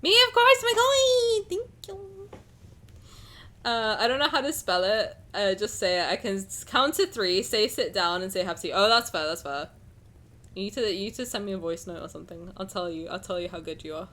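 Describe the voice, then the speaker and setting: A young Englishwoman with a southern accent and a faint transatlantic edge, talking with her stream chat. She rambles cheerfully and leans on "like" fillers. Her voice sounds clear and bright on a close desk mic. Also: medium pitch, fairly quick. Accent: southern English, slightly transatlantic. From England. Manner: rambling, chatty, lots of "like" fillers. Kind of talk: casual chat with live stream chat.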